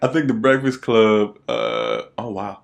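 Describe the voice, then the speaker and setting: A man's voice: on the low side, sing-song, unhurried, creaky. A young man co-hosting a podcast in casual chat, laid-back and rambling with lots of fillers. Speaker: podcast co-host.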